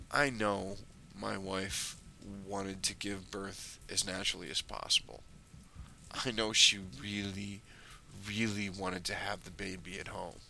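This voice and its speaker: A man's voice: low voice, vocal fry, pushed and bright, slight background noise. A young man telling a personal story in a dry, wry way, often in short clipped phrases.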